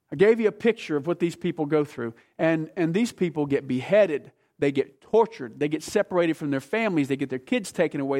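American pastor preaching a sermon. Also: male voice, a little high, darkish tone. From United States. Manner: storytelling, urging the congregation to listen.

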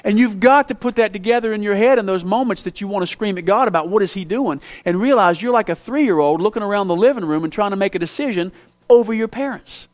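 A man preaching a sermon to a congregation, talking to them directly with questions, swinging from loud emphatic bursts to quiet, low asides. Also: fast talker. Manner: emphatic, with sudden loud rises and quiet drops; conversational, asks the listeners direct questions. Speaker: pastor. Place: church before a congregation.

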